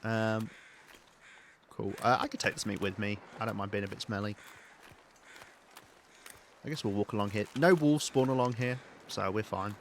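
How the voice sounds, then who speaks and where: Casual male streamer, low voice, loose thinking-aloud commentary. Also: fairly even intonation, normal speed, pauses often, slight background noise. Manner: chatty, rambling, thinks aloud while playing. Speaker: game streamer. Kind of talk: live-streamed let's play commentary.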